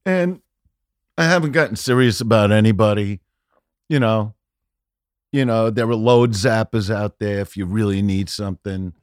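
A man telling stories as a podcast guest, profane and rambling, saying "you know" constantly and often building to loud punchlines. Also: fairly low pitch, normal speed, dry recording, studio quality. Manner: animated, often shouting punchlines. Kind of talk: casual storytelling chat.

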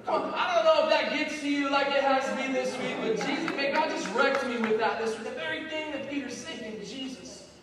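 A man's voice: very high voice, fairly quick, few pauses, crowd noise. A man preaching a sermon as pastor, fervent and repetitive, rallying the congregation with calls like a revival speaker. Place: church sanctuary. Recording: echoey hall, distant mic, music.

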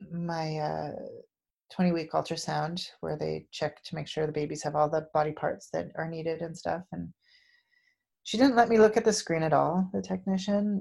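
A woman in her thirties telling a personal story in a candid, emotional way, halting often with fillers. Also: deep voice, creaky, darkish tone.

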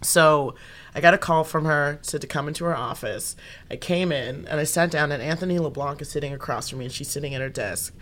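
A young woman comedian and actor, chatting in a casual interview. Her voice is bright and forceful, and she tells her stories with animation, acting out the lines of everyone involved. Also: low-pitched, a little fast. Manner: animated storyteller who acts out quoted dialogue.

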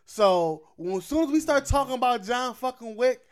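A man's voice: very high voice, lively intonation, normal speed, clear, resonant tone. A young man co-hosting a podcast who swears freely and laughs often while talking about movies. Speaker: podcast co-host. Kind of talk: casual movie chat.

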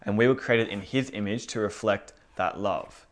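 A preacher with a lowish voice and moderate pace teaches a Bible lesson in a casual, conversational way. He's informal, asking the room rhetorical questions and acting out inner voices.

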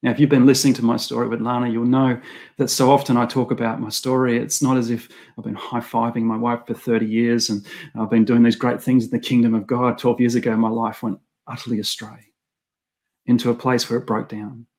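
A man's voice: mid-range voice, little pitch movement, fairly quick, a little mellow. A middle-aged man preaching a sermon in an earnest, reflective way, often restarting and repeating his phrases.

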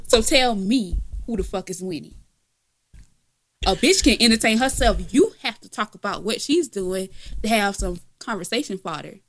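A woman's voice: mid-range voice, lively intonation, measured pace, pauses often, a bit bright. Blunt, laughing podcast co-host woman. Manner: blunt, profane, laughs often. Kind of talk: casual chat.

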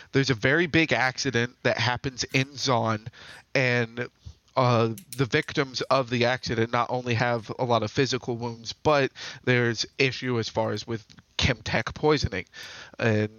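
A man co-hosting a podcast, chattily recapping video game lore with quick asides. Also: medium pitch, steady tone, fairly bright tone, no room sound. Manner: chatty, retells story with quick asides and laughs. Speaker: podcast co-host. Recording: dry, dull lo-fi sound.

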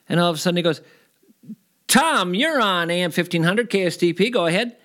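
Animated middle-aged male storyteller. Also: a little fast. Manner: animated, rising to high excited retellings. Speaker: guest storyteller. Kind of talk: casual interview storytelling.

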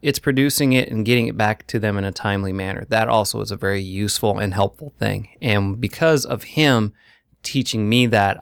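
A male voiceover actor speaking earnestly as a guest in a casual interview, in quick bursts. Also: fairly low pitch, creaky, smooth, no room sound, studio quality.

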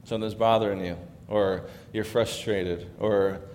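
A man's voice: on the low side, fairly even intonation, unhurried, slight background noise. Conversational male pastor in a reverberant hall. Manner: conversational, drops to hushed tones on scripture. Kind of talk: sermon. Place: church sanctuary.

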